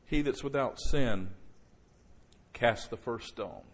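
Soft-and-loud preaching male pastor. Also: mid-range voice. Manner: slows down and drops soft for emphasis, then rises loud. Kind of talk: sermon. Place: church service before a congregation.

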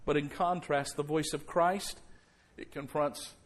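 Soft-and-loud preaching male pastor. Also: fairly high pitch, steady tone. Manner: slows down and drops soft for emphasis, then rises loud. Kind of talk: sermon. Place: church service before a congregation.

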